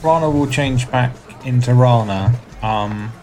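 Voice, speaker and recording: A man's voice: mid-range voice, measured pace, mellow, slight background noise, poor audio. A man playing a tabletop game, wryly describing what his character does. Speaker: player. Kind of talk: casual play at a tabletop game.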